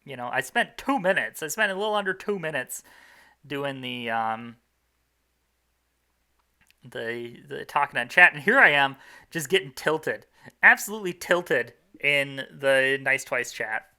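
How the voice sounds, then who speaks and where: A man's voice: mid-range voice, lively intonation, a little slow, pushed and bright. A young man commentating his own game run in a casual, rambling, self-mocking way, full of fillers and restarts.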